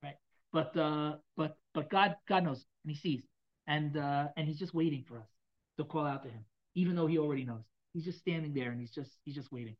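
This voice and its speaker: Fast-talking man teaching a Torah class. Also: a little high, dull audio. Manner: conversational, repeats phrases, many fillers and restarts.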